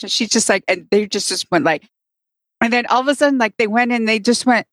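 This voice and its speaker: A woman's voice: fairly high pitch, fairly quick, dry recording, clean studio sound. Chatty woman podcast co-host, rambling. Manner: rambling storyteller, acts out quotes. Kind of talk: casual chat.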